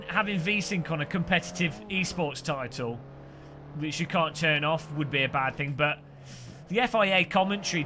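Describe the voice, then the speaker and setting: A man with an English Midlands accent chats and cracks jokes during a live racing stream. His voice sits on the high side with a sharp edge, and race car noise fills the recording.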